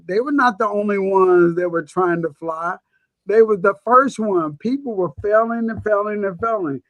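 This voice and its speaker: A high-pitched man speaks openly and with feeling, telling his stories with expressive energy. His voice sits close and dry on the mic, with no room sound around it. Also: no echo. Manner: emotional, expressive storyteller. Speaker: guest speaker and coach. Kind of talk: casual webinar conversation.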